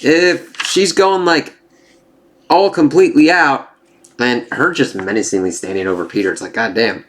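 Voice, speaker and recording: A man's voice: mid-range voice, normal speed, a bit bright. A man giving a casual spoiler review of a comic. He swears freely, rambles and corrects himself, and reads the dialogue aloud in livelier voices.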